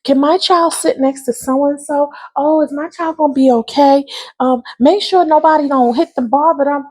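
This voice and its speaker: A woman's voice: sits high, fairly even intonation, moderate pace, a little mellow, voice pushed up, lightly acted. A woman voicing a fussy, anxious mother fretting over her child at the bus stop. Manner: fretting, overprotective.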